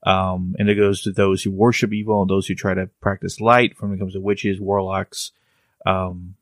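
Male podcast co-host, lower register, rambling casual delivery, dry sound. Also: flat delivery, moderate pace, no echo. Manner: rambling, restarts, teasing. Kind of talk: casual chat.

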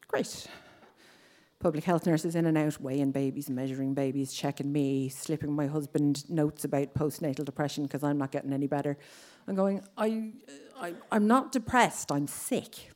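A woman's voice: deep voice, steady tone, normal speed, mellow. A woman in her thirties with an Irish accent, telling a personal story on stage and acting out other people's lines. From Ireland.

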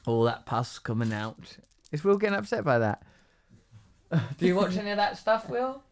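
A man's voice: high-pitched, very animated, normal speed. Playful man hosting a podcast. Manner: playful, teasing, riffing on odd ideas. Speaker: podcast host. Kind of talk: casual chat.

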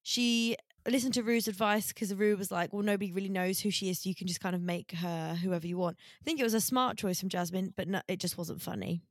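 A woman's voice: mid-range voice, steady tone, fairly quick, few pauses, no room sound. Female podcast co-host, frank and sweary, dry close sound. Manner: candid, swearing, fond asides. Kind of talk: casual chat.

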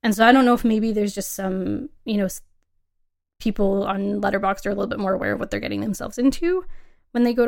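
Chatty woman podcast host with gravelly edges. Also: medium pitch, a little mellow. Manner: chatty, laughs often, emphatic. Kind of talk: casual film podcast chat.

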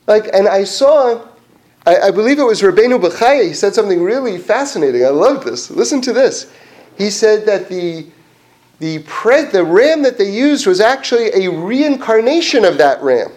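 High-voiced man teaching a casual Torah class. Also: normal speed. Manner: animated, chatty, many fillers and restarts.

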